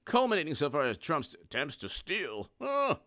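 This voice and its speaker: A man's voice: fairly high pitch, wildly swooping pitch, normal speed, bright, forceful tone, dry recording, clean studio sound. A man commentating on politics in a casual, sarcastic, rambling live-stream chat.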